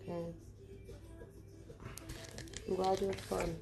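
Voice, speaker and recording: Woman, 30s, sick and congested, low creaky voice, subdued and defensive, faint music behind. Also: level tone, slow, mellow. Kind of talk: defensive argument on a livestream.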